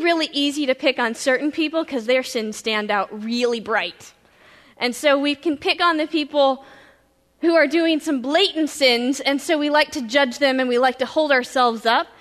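A woman pastor preaching a sermon, telling a story vividly in the first person and moving between loud and hushed passages. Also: high-pitched, big-room sound.

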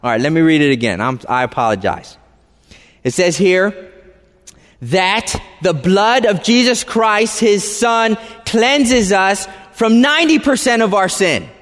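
A man with a high voice preaches to a congregation, leaning on repeated phrases and direct questions to the room. His words ring out with a long reverb, as in a large church hall. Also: expressive, a little slow, a bit bright. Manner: conversational, asks the congregation questions; emphatic, repeats phrases for stress. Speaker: pastor. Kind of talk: sermon.

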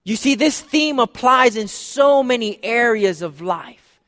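A man's voice: very high-pitched, animated, a little slow, pushed and bright. A man preaching a sermon as pastor, earnest and repeating phrases for emphasis. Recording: long hall reverb.

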